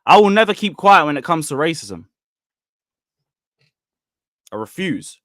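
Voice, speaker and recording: A man's voice: fairly high pitch, very animated, measured pace, fairly bright tone, no echo, studio quality. A man hosting a football live stream, ranting bluntly and angrily at his chat.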